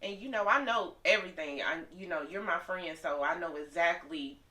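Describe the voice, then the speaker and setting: Woman host, bright sharp tone, sitting back from the mic, lowish voice. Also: normal speed. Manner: affirming, asks questions gently. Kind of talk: supportive interview. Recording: distant mic.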